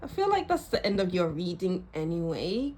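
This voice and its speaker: A woman's voice: fairly low pitch, big pitch swings, moderate pace, a little mellow. Female tarot reader, casual to-camera delivery, encouraging, repeats affirmations.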